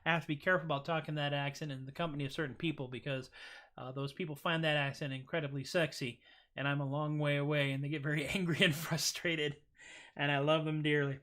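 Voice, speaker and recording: A middle-aged man signs off his own livestream in a loose, rambling way. He jokes, trails off and fills gaps with ums and uhs. His voice is bright and forward. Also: fairly high pitch, little pitch movement, fast talker. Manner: rambling and jokey, with fillers. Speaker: livestream host. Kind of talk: casual livestream sign-off.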